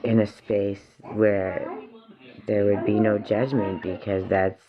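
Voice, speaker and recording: A man's voice: on the low side, little pitch movement, slow pace, a loud crowd. A man giving an earnest, emotional spiritual reflection at home, repeating phrases for emphasis. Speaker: parent and vlogger. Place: home with children nearby. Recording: dull lo-fi recording.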